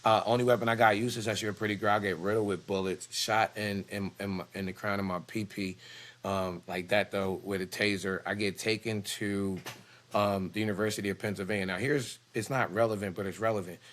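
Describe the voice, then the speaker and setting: Man, preacher, heated profane storytelling, lowish voice. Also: steady tone, fairly quick, fairly bright tone. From Philadelphia. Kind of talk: personal storytelling monologue.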